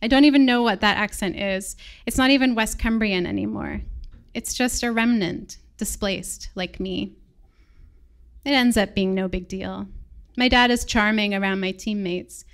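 A woman with an American accent reads her own story aloud to a live audience. Her voice is smooth and clear at a middling pitch, and she tells it in a reflective, measured way. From England. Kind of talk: personal story read live on stage.

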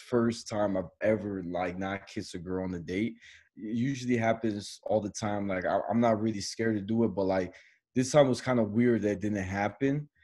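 A young man co-hosting a podcast, telling a story in casual chat and laughing often as he goes. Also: lowish voice. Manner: animated, laughs often while telling stories. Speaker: podcast co-host.

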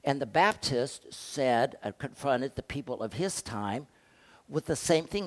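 An older man preaching a sermon as pastor, conversational, asking the congregation rhetorical questions and swinging between loud and soft. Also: medium pitch, expressive, a little slow.

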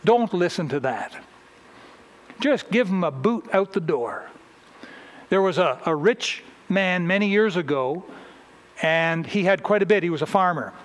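Male preacher, high voice, sermon, folksy storytelling. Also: lively intonation, unhurried, pauses often.

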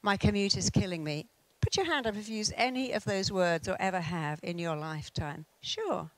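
A woman's voice: medium pitch, moderate pace, no room sound, poor audio. A middle-aged British woman, a therapist, giving a motivational talk and acting out the people in her anecdotes. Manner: animated storytelling, acting out quoted voices. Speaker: therapist and speaker.

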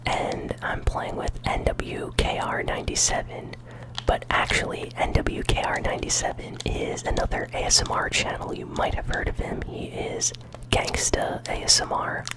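Chewing gum as he plays, the channel host whispers his commentary at a normal speed, laid-back and talkative, now and then getting excited.

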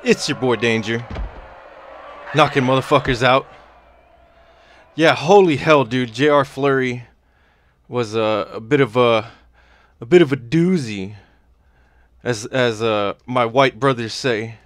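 A man's voice: medium pitch, slow, pauses often, fairly bright tone. A young man commentating his gameplay, telling stories in a crude, rambling, joking way. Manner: crude, rambling, joking storytelling with frequent laughs. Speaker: gaming YouTuber. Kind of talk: let's play commentary. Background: game music.

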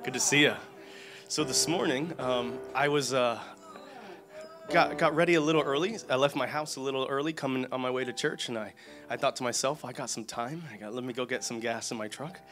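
Fast-talking man giving a church testimony. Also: mid-range voice, soft background music. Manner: fast, excited storytelling, rising to loud emotional praise. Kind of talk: testimony story to a congregation.

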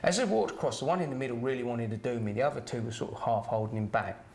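Middle-aged man, gravelly, medium pitch, chatty anecdote telling. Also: fast, darkish tone. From Kent, England. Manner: chatty, with "right?" tags and chuckles. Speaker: former doorman.

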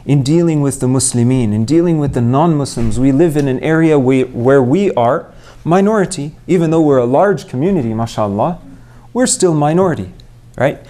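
A man's voice: mid-range voice, expressive, normal speed, mellow. A young man born and raised in Montreal, giving an earnest mosque talk and putting rhetorical questions to his audience. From Canada, Montreal. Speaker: Islamic preacher.

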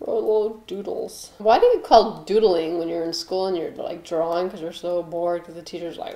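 A woman's voice: lowish voice, fairly quick, hardly any pauses, dark tone. A young woman doing a rambling, offbeat comedy monologue with jokey asides while she bakes in her home kitchen. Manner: offbeat, jokey asides, mock voices for quoted people. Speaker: comedic baking host. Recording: echoey kitchen with faint noise.

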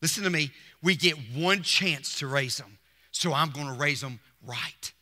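A man's voice: fairly high pitch, a little slow, bright, forceful tone. A middle-aged man, preaching a Mother's Day sermon from the pulpit with emphatic repetition and call-outs to the congregation. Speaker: pastor. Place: church sanctuary. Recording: long church hall reverb.

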